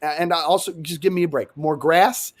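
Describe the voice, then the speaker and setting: Young male co-host, raised-pitch voice, sarcastic and animated, cursing casually in loose banter. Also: fairly quick. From New York. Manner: animated, sarcastic, swears freely. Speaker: podcast co-host. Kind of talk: casual comedic chat.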